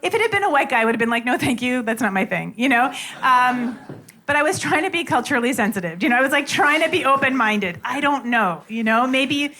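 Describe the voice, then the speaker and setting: Woman stand-up comic: chatty, filler-heavy storyteller, slightly high voice, club audience laughing. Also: lively intonation, fairly quick, sharp tone. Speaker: stand-up comedian. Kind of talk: stand-up comedy set.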